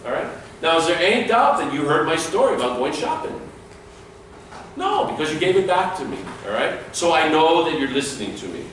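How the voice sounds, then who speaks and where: Male security trainer lecturing a class, animated delivery, recorded far off in a boomy room. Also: brisk, a little hiss or hum. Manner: lively, demonstrates dialogue with acted lines. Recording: echoey room, speaker far from mic.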